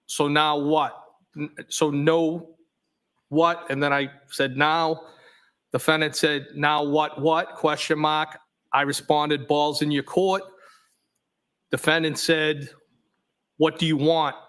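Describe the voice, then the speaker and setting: A man on a witness stand reads a string of text messages aloud, line by line. His voice sits a touch high for a man, and his delivery stays flat and methodical. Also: slow, pauses often, smooth. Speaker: trial witness.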